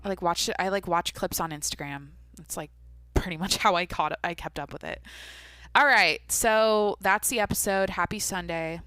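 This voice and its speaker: A woman's voice: fairly low pitch, normal speed, pushed and bright, clear, resonant tone, no room sound. A young adult woman hosting a casual solo podcast, rambling and swearing casually as she talks to herself. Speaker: podcast host.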